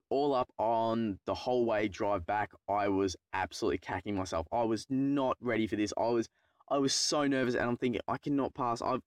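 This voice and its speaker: A man's voice: medium pitch, no echo. A young Australian man telling a story about his driving test in a rambling, profane, self-mocking way. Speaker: YouTuber telling a personal story. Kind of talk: casual storytelling vlog.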